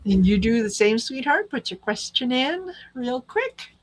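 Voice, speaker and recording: A woman's voice: fairly high pitch, big pitch swings, unhurried, low-quality recording. A woman hosting a live tarot reading stream, chatting casually and calling out viewers by name. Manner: friendly, calls out viewer names.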